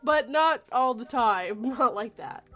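A woman chatting casually on a stream, wry and relaxed. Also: a little high, takes it slowly, faint music behind. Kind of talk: casual group chat.

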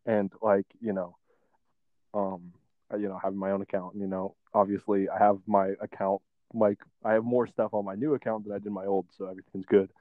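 A man's voice: on the low side, level tone, a little fast, no room sound. A young man co-hosting a podcast, chatting loosely in slang and laughing often. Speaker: podcast co-host. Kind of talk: casual podcast chat. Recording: tinny phone-like sound.

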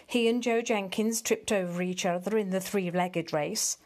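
A woman reading a children's storybook aloud in a gentle, measured and expressive way. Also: mid-range voice.

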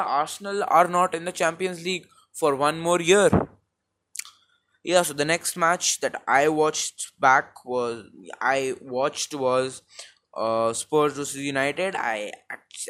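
Brief: young Indian man, Indian accent, mid pitch, chatty football recap, lots of fillers, cheap mic. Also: slow, sharp tone. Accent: Indian English. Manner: rambling, many fillers and restarts. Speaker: football vlogger. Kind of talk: casual match recap monologue. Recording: low-quality home mic.

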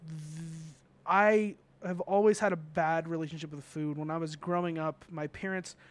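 A man's voice: fairly high pitch, steady tone, moderate pace. A young man hosting a podcast, talking casually and hesitantly with many ums and restarts. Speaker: podcast host. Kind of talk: casual emotional conversation.

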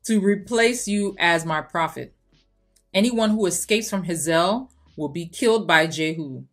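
A woman with a fairly low voice hosts a Christian podcast. She reads scripture with strong emphasis and drops into relaxed, chatty asides. Faint music plays behind her. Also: unhurried. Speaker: podcast host.

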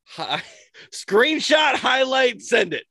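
Man, casual chat, expressive pitch, close dry recording, laughs and swears a lot. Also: takes it slowly, vocal fry, no echo. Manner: animated storytelling with frequent laughter and swearing.

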